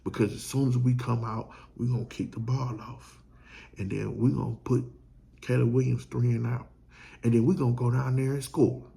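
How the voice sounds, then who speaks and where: A man's voice: mid-range voice, fairly even intonation, moderate pace, gravelly, warm tone. A man hosting a sports show, giving a fired-up fan pep talk full of slang.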